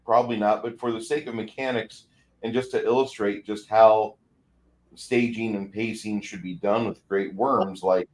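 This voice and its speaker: A man's voice: lowish voice, steady tone, a little slow, darkish tone, low-quality recording. A man chatting casually about tabletop games and explaining mechanics. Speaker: co-host.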